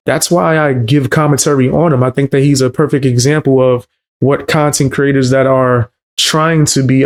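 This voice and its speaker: Man, mid-pitched, slangy, blunt, dismissive commentary. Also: darkish tone. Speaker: commentary channel host. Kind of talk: casual reaction commentary.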